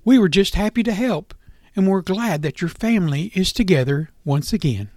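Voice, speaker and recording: Man voicing a friendly storybook squirrel, earnest and gentle, high voice. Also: lively intonation, moderate pace, no echo, studio quality. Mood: kind. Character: kind, friendly male squirrel.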